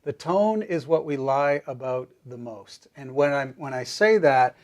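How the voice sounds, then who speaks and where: A man's voice: mid-range voice, lively intonation, measured pace. A man co-hosting a marriage devotional in a casual, joking teaching chat, sometimes acting out quoted voices. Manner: playful, jokey, acts out quoted voices.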